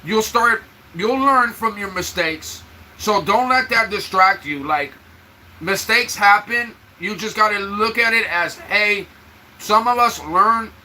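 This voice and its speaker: High, bright-voiced man venting on a live stream. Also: a little hiss or hum, low-quality recording. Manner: emotional, venting, talks straight to viewers. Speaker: livestream host. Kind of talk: casual livestream chat. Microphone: own microphone for the live stream.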